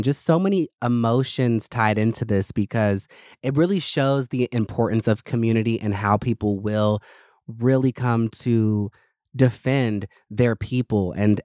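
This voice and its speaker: A man's voice: medium pitch, darkish tone, dry recording, studio quality. A man hosting his own podcast, chatting casually in a gossipy, sassy and profane way. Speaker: podcast host. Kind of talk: casual solo podcast chat.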